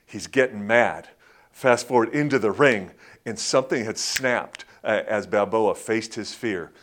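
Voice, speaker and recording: At a measured pace, a man preaches a sermon conversationally, with frequent fillers and restarts. He's a pastor who voices quotations louder and higher, acting them out.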